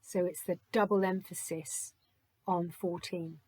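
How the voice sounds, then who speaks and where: A woman's voice: lowish voice, fairly even intonation, a little slow, a little mellow, slightly rough, no room sound. A woman doing a spiritual charm reading, gushing and thankful as she thinks aloud. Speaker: oracle reader.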